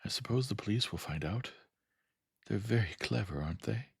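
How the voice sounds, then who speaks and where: A man voicing a breathy, airy young actress. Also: on the low side, lively intonation, normal speed, no room sound, studio quality, pitched above the performer's own voice, full character voice. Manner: breathy, dreamy and distracted.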